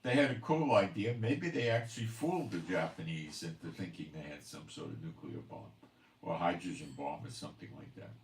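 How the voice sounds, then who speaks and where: A man's voice: very deep voice, expressive, a little fast, roomy sound, far from the mic, a little hiss or hum. A man hosting a commentary channel, ranting emphatically with scorn and rhetorical questions. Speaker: host of a prophecy commentary channel.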